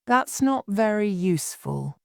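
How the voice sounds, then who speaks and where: A woman voicing a fussy, scatterbrained old queen who talks in a high, fluttery way and breaks into wailing cries. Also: sing-song, a little slow, vocal fry, dry recording, clean studio sound.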